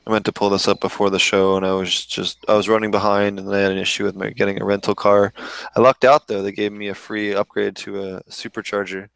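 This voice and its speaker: A man's voice: lowish voice, level tone, quick pace, vocal fry, a bit bright, smooth, no room sound. A man hosting a podcast in casual chat, ranting freely and swearing often. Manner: profane, ranting, loose and talkative. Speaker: podcast host.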